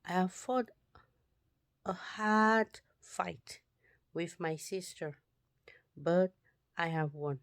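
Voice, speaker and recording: Woman reading a jealous childless Bible wife, slow, lowish, dry recording. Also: no echo. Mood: pleading.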